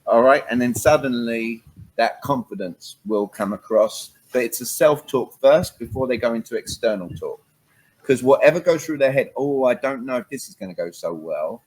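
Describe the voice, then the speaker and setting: A husky-voiced man with a British accent talks in an interview as a communication coach. He speaks emphatically, drops in "all right" to punctuate his points and acts out short back-and-forth exchanges. His voice sits at a middling pitch with a slightly breathy edge. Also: expressive, moderate pace, a little mellow, poor audio. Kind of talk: animated interview chat.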